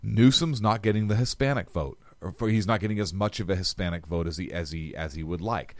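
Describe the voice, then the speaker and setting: Low-voiced blunt male podcast co-host. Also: fairly quick, no room sound. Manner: blunt, profane, opinionated. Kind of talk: casual political talk.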